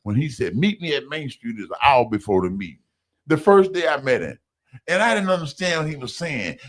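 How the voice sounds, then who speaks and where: Speaking briskly in a mid-range voice, a man recounts his own recovery story conversationally, addressing listeners as y'all. He stays animated, performing the voices of the people he quotes.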